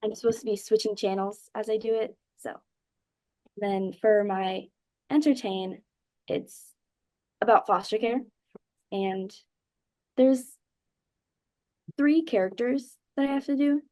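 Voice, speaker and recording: Animated teen girl, dry sound. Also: mid-range voice, slow, long pauses, no room sound. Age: teens. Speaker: speech team student.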